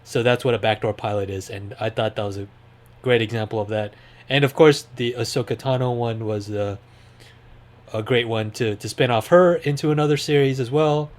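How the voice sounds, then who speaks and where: A man with a medium-pitched voice talks through his thoughts in a loose, rambling way, full of fillers. He sounds upbeat as he chats casually on a podcast. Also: normal speed. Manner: rambling, lots of fillers, enthusiastic. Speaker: podcast host. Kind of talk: casual chat.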